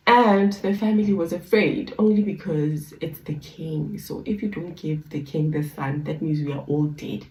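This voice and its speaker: Low-voiced woman reading scripture, echoey. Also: a little mellow. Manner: switches between formal reading and chatty slang-filled retelling. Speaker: scripture reader and teacher. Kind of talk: reading aloud and paraphrasing scripture in casual retelling. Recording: echoey room, distant mic.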